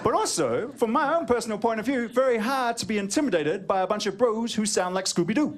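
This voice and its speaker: This New Zealand-accented comic talks fast in a high voice, telling jokey stories and putting on silly voices during his stand-up set. He's onstage at a comedy venue before a live crowd, and the live recording picks up laughter and background noise.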